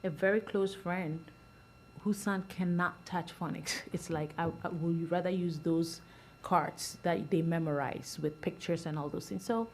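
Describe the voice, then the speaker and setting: A middle-aged woman on a school board speaking earnestly at a public meeting, rambling with many restarts and soft laughs. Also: lowish voice, fairly even intonation, unhurried, slight background noise.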